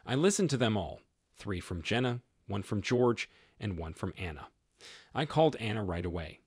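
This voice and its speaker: Male storyteller, low husky voice, lively pitch, dry close sound, matter-of-fact. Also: normal speed, no echo. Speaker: narrator. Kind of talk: first-person story narration.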